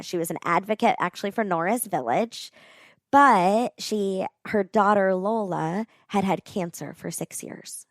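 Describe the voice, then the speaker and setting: A woman telling a heartfelt story as a podcast guest, earnest and animated, with many casual fillers. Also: medium pitch, measured pace, no room sound, clean studio sound. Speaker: podcast guest, nonprofit co-founder.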